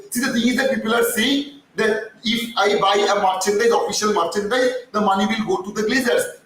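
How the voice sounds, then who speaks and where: A man's voice: high-pitched, a bit bright. A man hosting a live-stream fan commentary, ranting heatedly, swearing and then apologizing for getting worked up. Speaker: fan channel host. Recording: echoey distant mic with faint noise.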